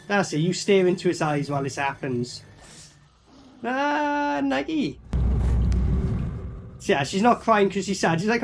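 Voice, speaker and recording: A man's voice: high voice, sing-song, measured pace, gravelly, pauses often, over music. A man giving a casual, sweary running commentary as he reviews a film. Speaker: movie reviewer.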